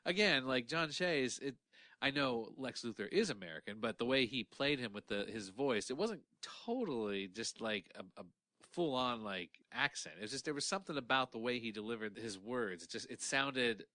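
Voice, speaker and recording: A man with a bright voice and a very lively pitch rambles animatedly through his point, restarting his sentences often. The sound is dry and close. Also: normal speed, no echo. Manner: animated, rambling, full of fillers. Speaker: podcast co-host. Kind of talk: casual chat.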